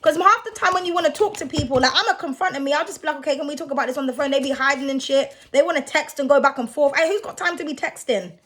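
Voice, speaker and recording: A woman's voice: sits high, fast, hardly any pauses, a bit bright. A young woman who reads tarot, ranting bluntly and with a lot of swearing in a casual vlog. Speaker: tarot reader.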